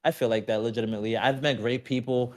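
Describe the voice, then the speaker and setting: Male streamer guest, mid-pitch, animated and rambling, keeps checking in with listeners. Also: fast talker. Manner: animated, rambling, says "you know what I mean" often. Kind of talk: casual podcast chat.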